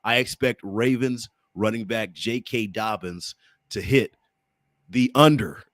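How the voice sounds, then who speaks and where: A man hosting a sports podcast in casual chat, playful and teasing and quick to laugh. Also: fairly low pitch, a bit bright, dry recording, clean studio sound. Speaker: podcast host.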